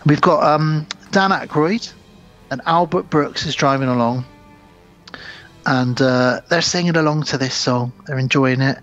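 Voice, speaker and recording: A man's voice: fairly high pitch, measured pace, fairly bright tone, muffled recording, soft background music. A man co-hosting a podcast, chatting casually about films and recounting scenes as he goes. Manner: rambling, recounts scenes and acts out quotes. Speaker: podcast co-host. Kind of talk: casual film chat.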